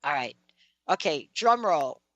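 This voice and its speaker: A woman's voice: sits low, expressive, unhurried, no room sound, highs cut off. Chatty woman radio host, dry sound. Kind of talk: casual radio interview.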